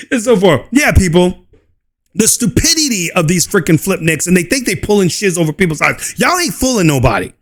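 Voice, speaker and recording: A man's voice: sits high, very animated, moderate pace, a bit bright. A man hosting his own channel, delivering a mocking, scornful rant and laughing often. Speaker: channel host. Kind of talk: ranting commentary video.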